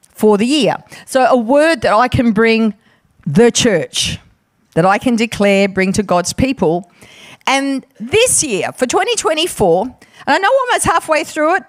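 Lively, high-voiced woman preacher. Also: dry recording. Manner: playful, chatty, jokes with the congregation. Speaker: guest preacher. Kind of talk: sermon.

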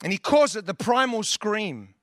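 A man's voice: sits high, lively intonation, normal speed, fairly bright tone, no room sound, clean studio sound. A male preacher giving a sermon in an earnest, conversational way, building long lists and sometimes restarting his sentences.

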